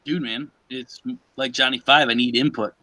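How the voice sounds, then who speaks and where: A man's voice: mid-range voice, fairly even intonation, normal speed, bright, forceful tone, no echo, rough recording. A man co-hosting a casual livestream talk show, rambling and joking. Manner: rambling, joking, slips into put-on voices. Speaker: co-host.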